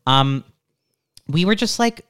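A young adult podcast guest chatting casually, halting often and filling gaps with "like". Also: mid-range voice, animated, crowd noise. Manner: halting, full of "like" fillers. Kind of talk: casual chat.

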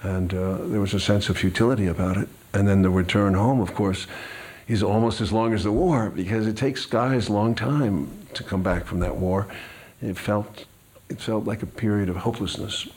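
An older man, a guest, reading from his memoir and talking in a slow, measured, hesitant way. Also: fairly low pitch, a little mellow.

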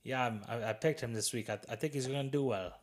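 A man's voice: medium pitch, quick pace, close to an everyday voice. A man putting on a British accent to play a chatty British man who bets on golf as a hobby. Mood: breezy. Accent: British, put on.

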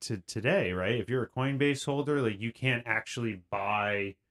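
A man's voice: medium pitch, moderate pace, a bit bright. A man, guest on a podcast, telling his story in a rambling way with many fillers and restarts. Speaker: guest creator. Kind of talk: casual podcast conversation.

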